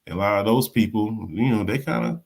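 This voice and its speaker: A man hosting a casual political chat, talking in an animated way, repeating words and acting out quotes. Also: fairly low pitch, brisk. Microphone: live stream mic.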